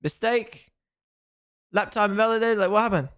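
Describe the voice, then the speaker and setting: High-pitched and smooth, this man's voice moves at a moderate pace as he hosts a live race watchalong. Excitable and chatty, he responds to the action, reads viewers' comments aloud, and thanks his followers.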